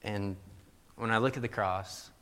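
A man's voice: fairly low pitch, steady tone, measured pace, a bit bright, big-room sound. A young adult man from Missouri giving a sermon in a loose, conversational storytelling way, full of "like" fillers. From Missouri, USA. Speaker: pastor.

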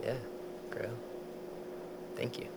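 Animated male pastor in a reverberant hall. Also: slow, very noisy. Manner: animated, acts out voices in quotes. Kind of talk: sermon.

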